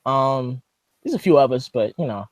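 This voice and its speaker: Animated ranting man on a podcast. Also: medium pitch, normal speed, dry recording, clean studio sound. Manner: animated ranting, swears freely, mimics friends; skeptical and paranoid. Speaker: podcast host. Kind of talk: casual chat.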